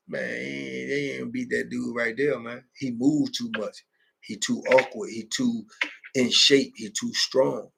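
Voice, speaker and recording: A man's voice: medium pitch, vocal fry, a bit bright, husky. A middle-aged man hosting a late-night live chat, telling stories in street slang, repeating himself and laughing often. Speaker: host.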